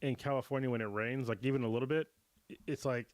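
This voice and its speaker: A man in his thirties hosts a relaxed livestream chat, his mid-range voice slightly hoarse as he gets over a cold. He laughs easily and lets sentences trail off. The sound is dry and close to the mic. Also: mid-range voice, fast talker, no echo. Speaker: livestream host. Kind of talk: casual chat.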